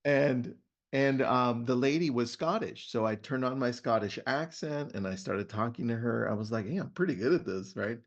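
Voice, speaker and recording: A middle-aged man hosts a webinar in a relaxed, chatty way and tells stories with lively animation. His voice has a gravelly, creaky edge at a mid pitch. The sound is muffled and lo-fi, as on a video call. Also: moderate pace. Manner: animated storyteller. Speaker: webinar host. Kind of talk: casual webinar chat. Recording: muffled lo-fi web audio.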